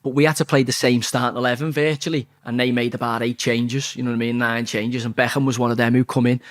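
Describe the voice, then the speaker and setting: A man telling a blunt, sweary story as an interview guest, talking fast and animated. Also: mid-range voice. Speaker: interview guest, former footballer.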